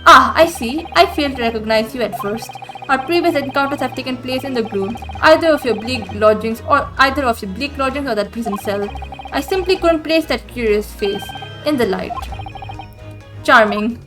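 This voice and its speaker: A man's voice: very high-pitched, moderate pace. Lady doing a posh showy detective guy, breezy and full of himself, faint music under it. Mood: condescending. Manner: breezy, theatrical, oblivious. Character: flamboyant, self-assured male detective.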